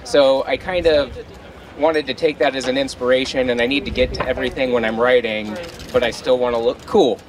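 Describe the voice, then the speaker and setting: A man at a workshop who earnestly describes his costume concept and sometimes pauses to find the right word. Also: medium pitch, steady tone, a crowd in the background. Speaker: workshop participant. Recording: distant mic with outdoor noise.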